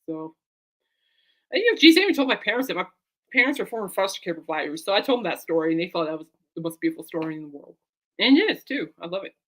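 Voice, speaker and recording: A woman's voice: fairly low pitch, big pitch swings, quick pace, a bit bright. A woman talking casually to her camera as a vlogger and fan, rambling and heartfelt, turning aside to talk to her dog.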